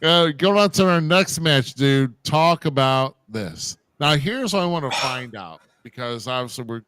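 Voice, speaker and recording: A man's voice: medium pitch, fairly bright tone, clean tone, dry recording. A man co-hosting a casual wrestling recap podcast, loose and joking, calling people bro and dude. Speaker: podcast co-host.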